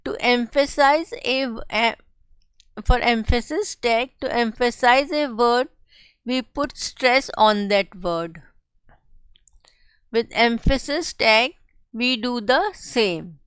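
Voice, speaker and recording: A woman teaching a coding tutorial, explaining each step slowly and carefully. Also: on the high side, animated, fairly bright tone, clear, resonant tone, dry recording. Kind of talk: screen-share coding tutorial.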